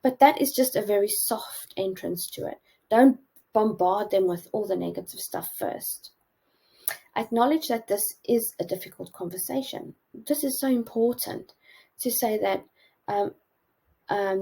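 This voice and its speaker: A woman's voice: medium pitch, unhurried, vocal fry, mellow, slightly rough, rough recording. A woman teaching a masterclass on relationships, giving earnest advice with frequent hesitations. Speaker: relationship coach presenting a masterclass. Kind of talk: instructional talk.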